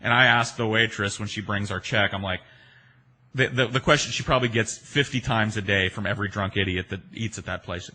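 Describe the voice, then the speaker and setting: Dude rambling thru a story, swears a lot, pokes fun at himself, bright voice. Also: male voice, lowish voice, fairly quick. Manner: rambling, profane, self-mocking. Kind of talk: casual personal storytelling.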